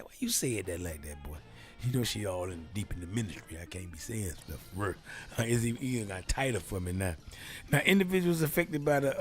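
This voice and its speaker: A male show host talking in a loose, self-amused way, with a lively pitch that jumps around. He tends to joke and laugh at his own lines while explaining things. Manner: playful, self-amused riffing. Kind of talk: casual solo talk show.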